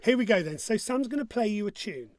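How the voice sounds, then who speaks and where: A man's voice: high-pitched, lively intonation, quick pace, no room sound. A man hosting an online pub quiz, joking along and humming his own jingles. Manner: jokey and upbeat, hums his own jingles.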